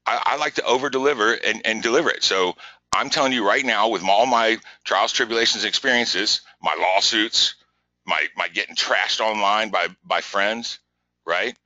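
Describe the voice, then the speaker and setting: A man hosting a live business webinar, talking in an energetic, repetitive, pushy coaching way. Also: fairly low pitch, normal speed, no room sound, muffled recording. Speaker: webinar host.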